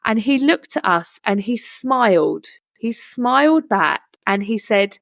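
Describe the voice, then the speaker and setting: A young woman hosts her own podcast and tells a story in a relaxed, earnest way, often adding "you know" as she goes. Her voice has a gravelly fry. The sound is close and dry, with no room around it. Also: medium pitch, unhurried, hardly any pauses, no room sound. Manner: chatty, earnest, many "you know" asides. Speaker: podcast host. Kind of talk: casual storytelling monologue.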